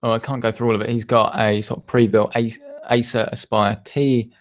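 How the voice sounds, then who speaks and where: A man's voice: medium pitch, flat delivery, fairly quick. A young man hosting a tech channel's live Q&A, chatting casually and rambling with many fillers and restarts. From United Kingdom. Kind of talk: live stream Q&A.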